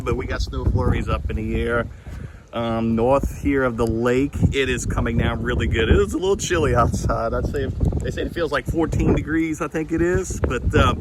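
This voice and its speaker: A man from Louisiana filming a casual vlog outdoors in the snow on a handheld phone, excited and laughing often. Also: mid-range voice, background noise. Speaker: vlogger. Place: outdoors in a snowy yard. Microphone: handheld phone camera.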